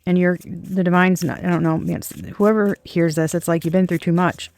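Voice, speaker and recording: A tarot reader giving a casual, rambling intuitive reading straight to viewers, with soft laughs and the odd swear word. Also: mid-range voice, fairly even intonation, fairly quick, dry recording. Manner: rambling, chatty, speaks to unseen viewers.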